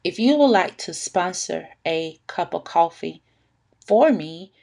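Young woman hosting a podcast, chatty, laughing, unhurried, bright tone, dry close sound. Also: on the low side, animated, gravelly, dry recording. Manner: chatty, laughs often, addresses listeners as y'all. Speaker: podcast host. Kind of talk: casual personal podcast monologue.

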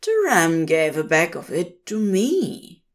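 A woman voicing a gruff, plain-spoken old Scottish shearer who uses dialect words. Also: on the low side, sing-song, slow pace.

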